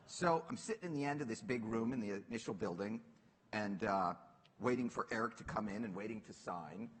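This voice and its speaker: A middle-aged man on stage telling a lively, self-mocking story and laughing through his lines. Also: lowish voice, fairly quick, breathy edge, long reverb tail. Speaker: panel guest. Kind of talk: animated onstage storytelling. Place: stage at a public talk.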